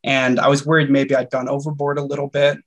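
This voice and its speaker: Young guy poet on a webinar call, earnest, steady mid voice. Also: mid-range voice, fast talker. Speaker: poet and student. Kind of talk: webinar panel conversation. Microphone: video call.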